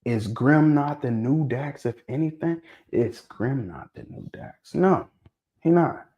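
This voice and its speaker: A mid-pitched man speaks in on a casual livestream. He is lively and keeps pressing his audience with repeated questions. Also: takes it slowly, lo-fi sound. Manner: animated, prodding viewers with questions, repeats himself. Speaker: livestream host discussing dog pedigrees.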